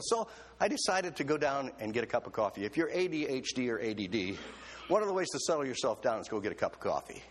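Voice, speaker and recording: A male pastor preaching a sermon, telling a story with humor and lively, excited quotes of himself. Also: medium pitch, quick pace, breathy edge.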